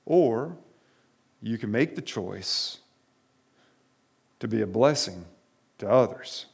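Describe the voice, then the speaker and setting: A man's voice: fairly low pitch, lively intonation, takes it slowly, creaky, breathy edge. A man preaching a sermon to his congregation, emphatic and direct, repeating his key phrases. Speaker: pastor.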